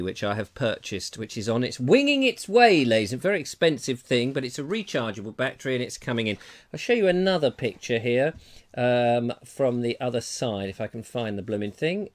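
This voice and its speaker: An English man hosting a live comedy talk show from home, chatty and jokey, often addressing viewers as ladies and gentlemen. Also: mid-range voice. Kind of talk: casual live-stream chat. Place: terraced house.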